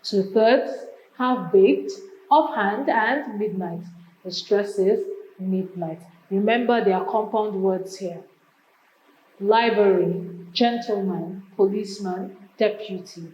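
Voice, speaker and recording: A woman with a Nigerian English accent teaching an exam prep lesson, drilling word lists slowly and repeating them. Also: mid-range voice, darkish tone, echoey room, lo-fi sound.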